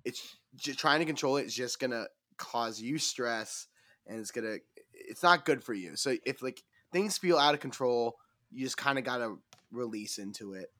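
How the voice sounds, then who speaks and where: A man's voice: medium pitch, lively intonation, normal speed, bright, forceful tone, dry recording, clean studio sound. Candid, laughing man on a podcast. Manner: candid, laughs often, thinks aloud. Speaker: podcast co-host. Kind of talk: casual chat.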